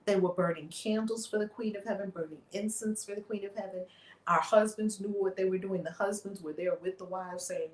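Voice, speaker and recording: A woman's voice: medium pitch, brisk, a little hiss or hum. Woman storyteller in an echoey room. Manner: lively retelling with voiced quotes. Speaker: guest author and minister. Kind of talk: animated storytelling in a chat.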